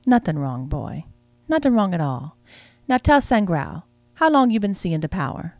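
A man voicing a calm, shrewd old woman who works as a voodoo madam, with a gruff, drawling delivery. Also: high voice, normal speed, no room sound, soft background music. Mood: calm, probing. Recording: dull lo-fi sound.

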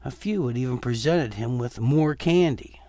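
A man reading a Halloween horror story aloud in a steady, measured storytelling voice. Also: medium pitch, no echo. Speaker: narrator. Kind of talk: storytelling narration.

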